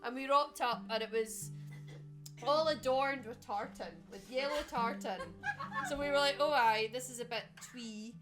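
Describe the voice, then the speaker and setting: A woman with a Scottish Highland accent telling a cheerful story on stage at a live house concert. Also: moderate pace, music in the background. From Scotland. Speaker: harpist telling a story between songs. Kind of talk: onstage anecdote.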